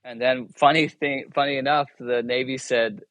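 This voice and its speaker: A man's voice: mid-range voice, fairly even intonation, normal speed, a bit bright, no echo. A man telling a personal story as a guest in a casual interview, rambling and self-interrupting, chuckling often and acting out the dialogue. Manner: acts out dialogue in his anecdotes. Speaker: guest, military chaplain.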